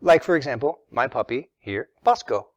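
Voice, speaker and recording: A man's voice: medium pitch, animated, normal speed, no echo, muffled recording. A man teaching a religion lesson in a patient, methodical way, stressing key words as he explains.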